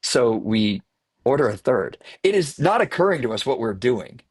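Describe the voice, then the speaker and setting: A man's voice: medium pitch, normal speed, breathy edge. A man from the American Midwest, an actor guest, animatedly telling an on-set story in casual podcast chat. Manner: animated storyteller who laughs at his own tale.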